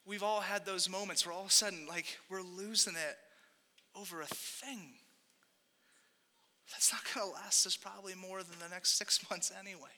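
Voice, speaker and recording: A man's voice: sits high, fairly even intonation, moderate pace, bright, forceful tone. A young man preaching a sermon as pastor, in a conversational, rambling way with jokey asides and self-corrections. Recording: long hall reverb.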